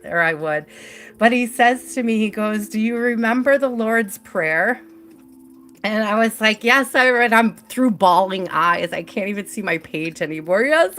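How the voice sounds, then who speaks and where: A woman's voice: mid-range voice, a bit bright. A young adult woman hosting a live tarot stream, telling a personal story in a chatty way, laughing often and filling her talk with "like".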